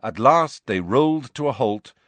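A man reading a story aloud as an audiobook narrator, with expressive storytelling. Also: mid-range voice, normal speed, dry recording. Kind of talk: scripted narration.

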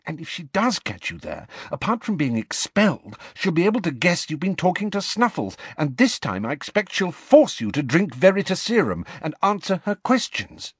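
A bossy, fretful teenage schoolgirl, as a man puts her on, pushes her words out in a raised, urgent voice. Her scolding is hushed and quick, like warnings given under the breath in a storybook. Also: on the high side, big pitch swings, breathy edge, no room sound, voice pushed up, full character voice.

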